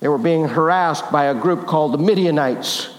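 High-voiced male preacher, animated sermon storytelling, long hall reverb. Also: normal speed. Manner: animated, questions the audience often.

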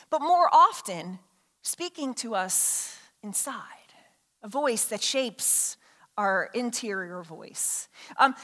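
A woman's voice: a little high, bright, forceful tone. A woman pastor preaching a sermon in a conversational way, with many fillers and restarts. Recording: long hall reverb.

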